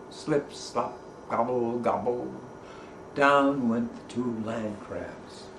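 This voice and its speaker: A male storyteller reads a children's folk tale in a playful, expressive way. He takes his time, and his mid-pitched voice rings with a roomy echo. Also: noisy background.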